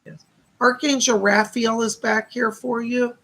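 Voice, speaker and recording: A man's voice: very high-pitched, little pitch movement, measured pace, pushed and bright, low-quality recording. A man giving live psychic readings, relaying spirit messages with constant "she said" tags. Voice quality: gravelly, husky. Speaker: psychic medium.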